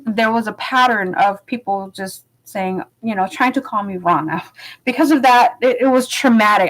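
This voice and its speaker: A woman's voice: medium pitch, rough recording. A woman from Los Angeles telling a personal story in a chatty, candid vlog, with plenty of fillers and laughs. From Los Angeles, United States. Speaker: vlogger.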